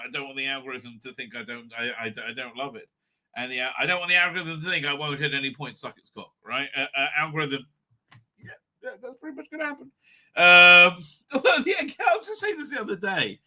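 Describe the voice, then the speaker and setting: A man's voice: medium pitch, fairly quick, sharp tone. A man hosting a live stream, rambling crudely and laughing often between his own remarks.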